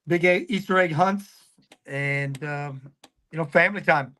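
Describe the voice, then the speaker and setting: A man's voice: a little high, measured pace, sharp tone. A man and Marine veteran from California, speaking hesitantly with many fillers in a casual chat.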